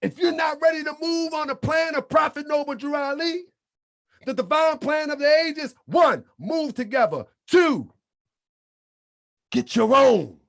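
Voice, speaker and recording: A man hosting his channel, preaching in a fiery monologue with shouted, repeated lines and colloquial talk, a little under the weather. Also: extremely high pitch, lively intonation, measured pace, vocal fry. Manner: colloquial, drops into muttered asides. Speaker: channel host.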